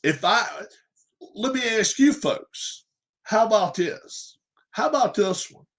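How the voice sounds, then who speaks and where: Guy ranting on his sports stream, slightly high voice, keeps repeating himself. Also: expressive, slow. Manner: emphatic, repeats points, asks rhetorical questions. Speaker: livestream host. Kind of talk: opinionated sports rant.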